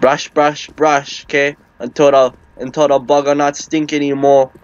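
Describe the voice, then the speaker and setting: A man's voice: on the high side, little pitch movement, moderate pace, smooth, muffled recording. A man with a Hawaiian Pidgin accent telling a rambling comic tall tale, acting out the people in it. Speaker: storyteller. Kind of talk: comic storytelling.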